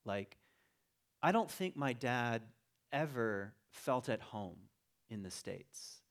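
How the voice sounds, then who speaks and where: A middle-aged man with a mid-range voice tells a family story in an unhurried, conversational way. He circles back, restarts phrases and leans on fillers as he talks to a gathered audience. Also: mid-range voice, expressive. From Virginia. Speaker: teacher giving a talk. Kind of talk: personal storytelling talk.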